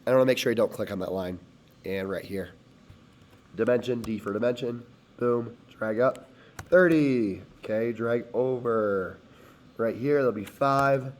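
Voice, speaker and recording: A hoarse man teaching, talking step by step through a screen-recorded CAD tutorial as he clicks. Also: medium pitch, a little slow. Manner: step-by-step, talks while clicking.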